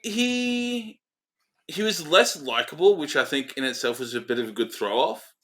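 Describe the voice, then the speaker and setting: A man's voice: a little high, animated, moderate pace, fairly bright tone. A man co-hosting a casual film review podcast, easygoing and a little hesitant, laughing often. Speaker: podcast co-host.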